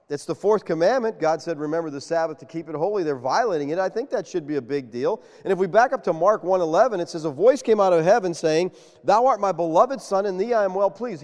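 A man preaching a sermon, animated and quizzing his congregation with questions. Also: sits high. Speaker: pastor. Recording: long reverb of a large hall.

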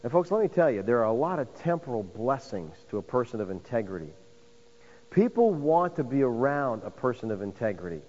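A man's voice: mid-range voice, very animated, fairly quick, darkish tone. Man, pastor, sermon delivery, emphatic, long hall reverb, muffled lo-fi sound. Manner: preaching with rising emphasis, addresses listeners as folks.

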